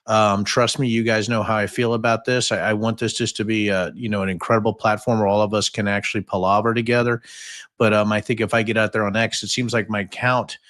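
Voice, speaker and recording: A man's voice: lowish voice, little pitch movement, fast talker, fairly bright tone. A man in his fifties hosting a livestream, telling stories in a rambling, jokey way with many fillers and asides. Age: 50s. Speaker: podcast host. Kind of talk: casual livestream storytelling.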